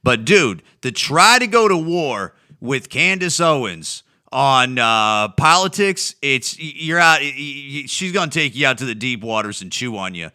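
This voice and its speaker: A man's voice: mid-range voice, very animated, measured pace, few pauses, sharp tone, clean tone. A man from Ohio hosting a podcast, delivering a rambling, profane opinion monologue with frequent stammering restarts. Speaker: podcast host.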